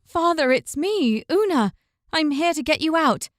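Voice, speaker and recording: A woman's voice: high-pitched, expressive, a little slow, dry recording, studio quality, pitched above the performer's own voice. Woman voicing an insistent young heroine. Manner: urgent, insistent questioning. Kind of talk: audiobook character voice.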